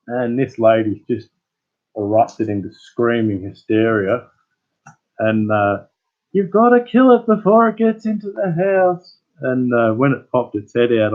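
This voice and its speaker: A man's voice: on the low side, phone-quality sound. An Australian man hosting his channel, chatting casually with live viewers as a rambling, laid-back storyteller. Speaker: channel host.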